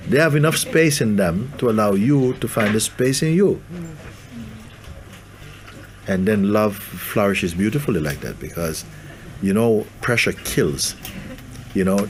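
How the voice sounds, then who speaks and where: Gentle, low-voiced male spiritual teacher. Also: expressive, a little slow, slight background noise. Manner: gentle, laughs often, playful. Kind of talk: spiritual talk to a gathering.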